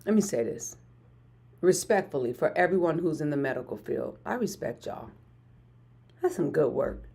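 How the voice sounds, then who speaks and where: Husky-voiced woman in her forties, hyped. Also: deep voice, normal speed, pauses often. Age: 40s. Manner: energetic, repeats phrases for emphasis. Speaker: motivational livestream host. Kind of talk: hyped motivational live stream talk.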